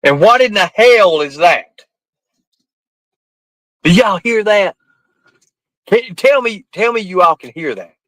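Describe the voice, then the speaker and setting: Man, live streamer, defensive, profane, rambling, sharp bright voice, dry sound. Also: sits high, lively intonation, slow, pauses often, no room sound, low-quality recording. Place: outdoors at night in the rain.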